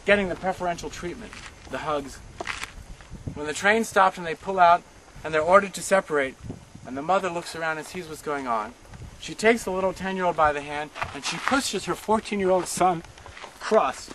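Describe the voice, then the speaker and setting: A man's voice: fairly high pitch, normal speed, background noise. A man giving a passionate history talk outdoors, often asking his listeners rhetorical questions. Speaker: history teacher. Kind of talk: guided tour talk. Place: outdoors at a memorial site.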